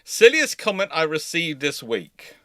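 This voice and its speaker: A man's voice: a little high, very animated, a little slow, crowd noise. A man hosting a live naval history Q&A stream, telling rambling anecdotes and acting out the quotes, on a video call mic. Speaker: host.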